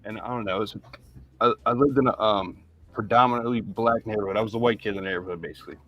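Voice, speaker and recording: A man's voice: fairly low pitch, fast, highs cut off. A man, a guest, telling his own story, a bit nervous and swearing as he goes.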